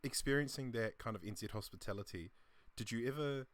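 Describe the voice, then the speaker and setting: Laid-back New podcast host. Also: male voice, mid-range voice, fairly quick. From New Zealand. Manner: easygoing, asks rambling questions. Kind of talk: casual interview chat.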